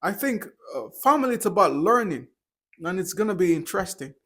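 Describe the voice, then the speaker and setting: A man's voice: sits high, very animated, a little fast, fairly bright tone. Hesitant young man vlogging. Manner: hesitant, with frequent restarts and self-corrections. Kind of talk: casual talk to camera.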